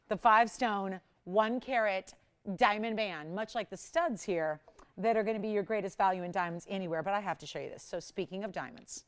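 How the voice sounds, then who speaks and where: A woman hosting a live jewelry shopping show, giving a chatty, enthusiastic sales pitch and greeting callers by name. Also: smooth. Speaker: shopping channel host.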